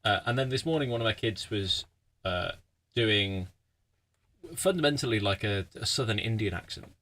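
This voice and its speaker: A man co-hosting a podcast, talking in a reflective, halting way with many restarts. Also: lowish voice, a bit bright. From United Kingdom. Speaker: podcast co-host. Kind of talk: casual chat.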